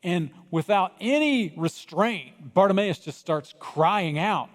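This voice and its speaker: A male pastor preaching with an animated delivery, sometimes crying out loud, then dropping to near-hushed tones. His voice sits a little high for a man. It rings with the long reverb of a church hall. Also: unhurried. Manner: animated, acts out voices of people in the story, swings from loud cries to hushed. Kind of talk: sermon. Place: church sanctuary.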